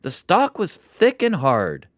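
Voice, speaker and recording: A narrator reads a children's story aloud for English learners, taking it slowly and with great care. The voice rises and falls in lively swings to bring each scene to life. The recording is dry and close. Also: mid-range voice, no room sound. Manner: slow, deliberate and expressive.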